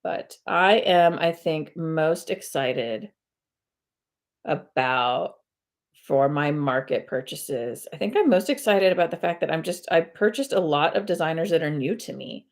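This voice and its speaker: A woman with a lowish, lively voice hosts a cross-stitch video channel and talks at a measured pace. Stitching at home during a live stream, she chats and rambles, full of fillers and corrections to herself.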